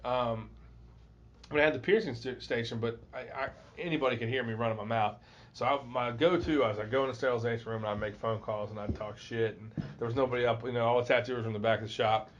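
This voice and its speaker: A man spins a long, profane story in casual podcast chat. He acts out other people's lines as he goes. It sounds like a dull, lo-fi phone recording at a middle pitch. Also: fast. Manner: profane, animated storyteller acting out quotes. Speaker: podcast host.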